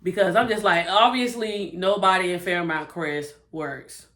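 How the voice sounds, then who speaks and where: A woman giving a chatty, animated recap of a TV episode and acting out the characters' lines. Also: fairly low pitch, unhurried. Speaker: TV show reviewer.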